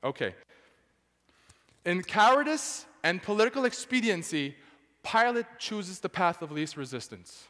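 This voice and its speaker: With a high voice, lively intonation and a moderate pace, a man preaches emphatically in a church sanctuary. His fairly bright tone echoes with long reverb as he regularly puts questions to the congregation.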